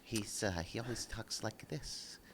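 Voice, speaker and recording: A man's voice: fairly low pitch, measured pace, a little hiss or hum. A man, a podcast guest, ranting in heated, profane conversation. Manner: profane, combative, animated ranting.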